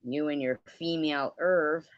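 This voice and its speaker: Slow-talking woman ranting on a livestream. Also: low voice, fairly even intonation, no echo. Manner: rambling, profane, sarcastic. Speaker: livestream host. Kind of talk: casual gossipy livestream rant. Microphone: livestream setup. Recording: dull lo-fi sound.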